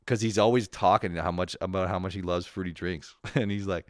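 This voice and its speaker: Deep-voiced young man ranting profanely. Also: fast talker, few pauses, smooth, no echo, studio quality. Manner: profane, laughing, mocking impressions. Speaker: podcast host. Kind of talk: casual solo podcast rant.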